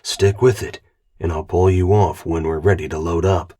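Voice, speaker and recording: A man voicing a steady male squad commander who speaks bluntly and firmly. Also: low voice, moderate pace. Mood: rousing.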